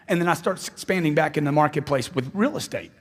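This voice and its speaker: High-pitched, animated male motivational speaker. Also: fast. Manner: animated, repeats lines for emphasis and acts out dialogues. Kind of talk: motivational stage speech. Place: large hall with live audience. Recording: long hall reverb from a stage.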